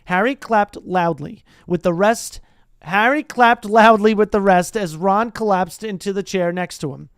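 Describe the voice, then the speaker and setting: Casual book reading, chatty asides, smooth clear voice, dry close sound. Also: medium pitch, measured pace, no room sound. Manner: chatty asides, stumbles and restarts; reads to a live chat. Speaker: streamer reading aloud.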